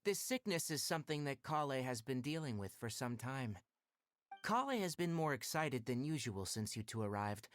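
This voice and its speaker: A composed, matter-of-fact forest mentor, played by a man, measured and a little dry in how he explains things. He sits at an ordinary middle pitch. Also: very animated, lightly acted. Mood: concerned. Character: calm, blunt adult male forest watcher mentor. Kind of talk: video game dialogue.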